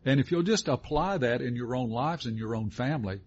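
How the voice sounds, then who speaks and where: Folksy middle-aged man, husky voice, dull lo-fi sound, encouraging Bible talk. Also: mid-range voice, a little fast. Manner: folksy, affirming, reads scripture aloud. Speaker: co-host of a Christian teaching show. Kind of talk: conversational Bible teaching.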